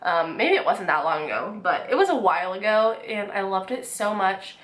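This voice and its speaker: A woman's voice: mid-range voice, animated, moderate pace, a bit bright, reverberant. A young woman with a stuffy, nasal voice from a cold, chatting casually through a makeup tutorial with lots of restarts. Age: young adult. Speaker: beauty vlogger.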